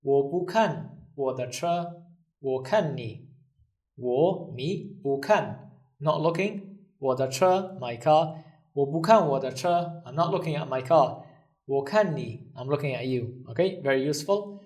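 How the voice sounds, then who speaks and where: A man teaching a recorded language lesson, patiently repeating each phrase slowly and then translating it. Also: a little high, expressive, a little mellow, far from the mic.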